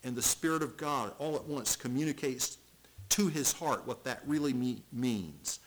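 A middle-aged male pastor preaching an expository sermon, reading scripture aloud and repeating words as he swings from loud to hushed. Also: medium pitch, moderate pace, rough recording.

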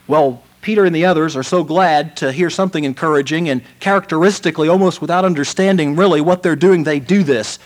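A man preaching a sermon, telling a story dramatically and moving from loud lines to hushed ones. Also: on the high side, fast, hardly any pauses.

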